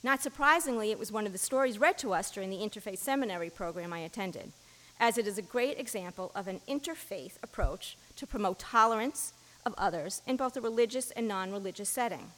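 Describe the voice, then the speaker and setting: A woman giving a sermon as an interfaith minister, reading a story in a measured storytelling voice, in a church. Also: medium pitch, animated, fairly bright tone, long reverb tail, low-quality recording. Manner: measured storytelling, giving the blind men brief quoted lines. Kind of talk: sermon with a story read aloud.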